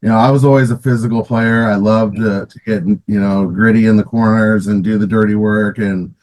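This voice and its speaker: A man's voice: on the low side, steady tone, a little fast, a little mellow, rough recording. A middle-aged man, a former pro hockey player, casually telling stories in an interview with many restarts and fillers, often laughing.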